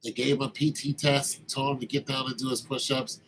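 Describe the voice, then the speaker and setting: A man in his late fifties telling a story from his army days in a casual, animated way, acting out the other people's lines. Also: medium pitch, fairly quick, a little hiss or hum, poor audio. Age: 50s. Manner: animated, acts out quoted dialogue.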